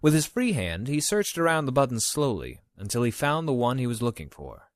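A man reading an audiobook aloud in a measured, even storytelling manner. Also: medium pitch, no room sound. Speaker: narrator. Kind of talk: audiobook narration.

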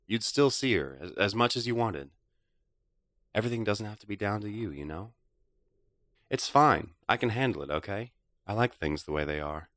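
A man's voice: fairly low pitch, animated, moderate pace, pauses often, fairly bright tone, dry recording, voice pushed up. A man voicing Robin, a weary middle-aged father who speaks lightly and coaxingly to his son.

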